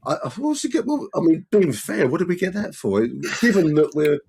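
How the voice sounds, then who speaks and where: A man chatting football on a podcast, easygoing and quick to laugh, with plenty of "you know" and "I mean". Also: high voice, big pitch swings, a little mellow, slightly rough. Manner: chatty, laughs often, lots of fillers. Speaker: podcast co-host. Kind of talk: casual football chat.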